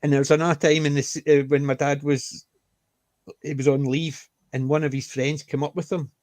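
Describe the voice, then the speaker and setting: A middle-aged man tells stories with lively, animated energy. His voice sits a touch high, and the sound is close and dry with no room around it. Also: a little fast, dry recording. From Scotland. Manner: animated anecdote teller, lively. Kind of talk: casual conversational storytelling.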